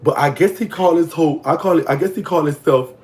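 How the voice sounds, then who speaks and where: A man's voice: on the high side, fast, darkish tone. A man with a Louisiana Southern accent telling a prison story in casual, gossipy storytime talk, his voice leaping up when he reacts to comments. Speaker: vlogger telling prison stories.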